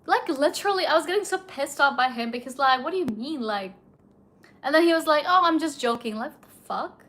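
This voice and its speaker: Young woman, high voice, casual indignant storytime vlogger. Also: expressive, brisk, fairly bright tone. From India. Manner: chatty, indignant, heavy use of filler "like".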